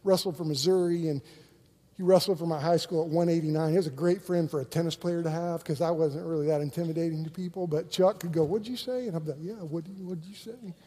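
A man preaching a sermon as a pastor, energetic, acting out quotes and repeating words for emphasis. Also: a little high, fast talker, long reverb tail.

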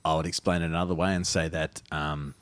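A man with a very deep voice co-hosts a podcast in casual chat, speaking briskly and with animation. He's hesitant, full of ums and restarts. The recording is dry.

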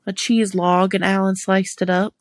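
A woman in her thirties co-hosting a casual podcast, telling blunt, deadpan stories about her family. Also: medium pitch, moderate pace, no echo. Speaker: podcast co-host. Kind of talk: casual chat.

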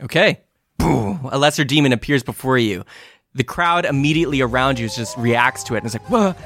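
Brief: male game master narrating a tabletop game, medium pitch, halting delivery, loud background music. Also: dry recording, clean studio sound. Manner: descriptive, halting with fillers.

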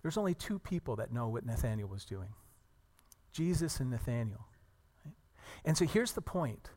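A man preaching a sermon to a congregation, earnest and animated, telling stories and acting out the people in them. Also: medium pitch, normal speed, in a large hall. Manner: earnest, animated storytelling with acted quotes.

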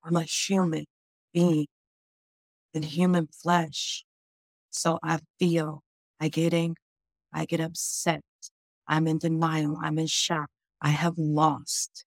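A woman's voice: low-pitched, little pitch movement, slow, creaky, pauses often, dry recording, studio quality. A woman doctor on a podcast explains grief in a conversational way. She often says "like" and voices people's inner questions.

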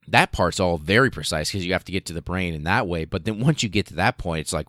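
A man's voice: deep voice, fast, few pauses, no echo, studio quality. A man hosting a podcast, telling a story in a casual, comedic way with lots of swearing. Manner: profane, animated, comedic. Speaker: podcast host.

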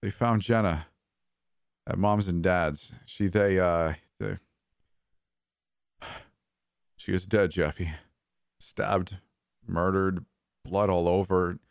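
A man's voice: low voice, fairly even intonation, slow, vocal fry, long pauses, clear, resonant tone, dry recording, studio quality, full character voice. A man doing a stern, shaken older brother. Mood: tense, stern. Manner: urgent, insistent, trembling.

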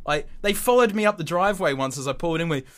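An Australian man from Australia, chatting casually on a podcast with a lively, profane manner. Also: on the high side, quick pace. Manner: lively, profane, slips into character voices. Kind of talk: casual chat.

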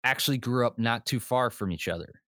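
Man guest, rambling casual talk, everyday pitch, close dry mic. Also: fairly quick, fairly bright tone, no echo. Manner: rambling, laughs often. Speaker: podcast guest. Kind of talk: casual chat.

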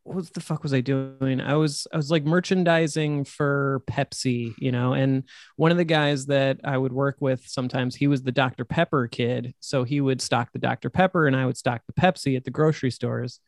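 A man's voice: mid-range voice, fairly even intonation, moderate pace, no room sound, studio quality. A man, a horror author and podcast guest, telling rambling stories in casual chat and swearing casually.

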